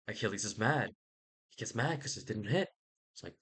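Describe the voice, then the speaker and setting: A man's voice: on the low side, lively intonation, normal speed, a bit bright, breathy edge. Guy rambling about a book he read, slangy and sweary, jokey asides, super casual. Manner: loose, slangy and profane, with jokey asides and mock voices. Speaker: book vlogger.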